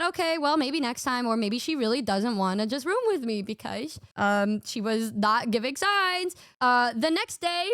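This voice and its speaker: High-voiced woman telling a story. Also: no room sound, studio quality. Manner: animated, swearing, laughing often. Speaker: streamer. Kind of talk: casual storytelling.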